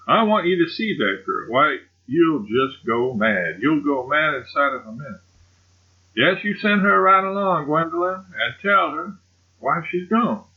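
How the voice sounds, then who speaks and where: Male reader as a gushing old colonel, emphatic and pitched up; muffled audio. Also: husky. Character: boastful elderly male colonel, effusive and scheming.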